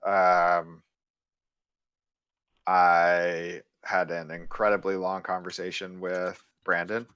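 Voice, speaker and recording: Man, low bright voice, halting stand-up update. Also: level tone, clear, resonant tone, no echo. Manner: halting, many ums and restarts. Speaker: game programmer. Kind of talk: casual team stand-up meeting.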